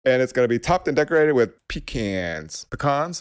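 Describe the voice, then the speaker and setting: Lively, giggly man co-hosting a podcast. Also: mid-range voice, normal speed, clear, resonant tone. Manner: lively, giggles mid-sentence. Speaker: podcast co-host. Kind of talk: casual chat.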